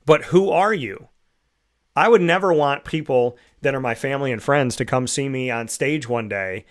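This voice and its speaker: A man's voice: mid-range voice, moderate pace. A man hosting a show, giving a reflective motivational monologue full of rhetorical questions. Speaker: show host.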